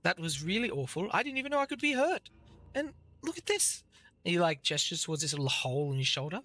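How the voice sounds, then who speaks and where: A man voicing a squeamish, dramatic young male bard godling in a shrill, whiny and sassy tone. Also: big pitch swings, fast talker, bright, forceful tone, exaggerated voice. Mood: horrified.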